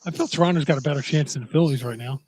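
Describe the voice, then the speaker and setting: A man co-hosting a sports podcast, chatting casually and reacting quickly. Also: fairly high pitch, darkish tone, husky, no echo. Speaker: podcast co-host.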